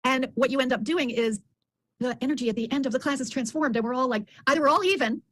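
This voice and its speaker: A woman on a video call, telling stories about her group program with lively, acted-out quotes. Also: high-pitched, fast. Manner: animated storyteller who acts out others' voices. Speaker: program participant.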